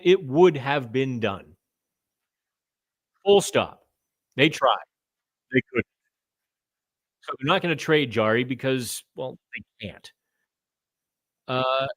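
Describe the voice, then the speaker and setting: A middle-aged man hosts a live hockey chat and works through viewer comments off the cuff, often stopping to restart a thought. His voice sits in an ordinary middle pitch. It sounds dry and close, with almost no room echo. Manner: conversational, thinking out loud, stumbles on names. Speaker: hockey podcast host.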